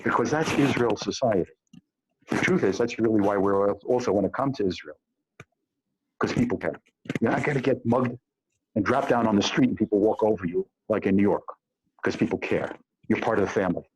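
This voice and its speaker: This low-leaning, quick-paced male voice has a darkish tone, heard over slight background noise in a rough recording. He's an Israel-based panel expert on immigration there, hesitating frequently while illustrating points with vivid daily-life examples.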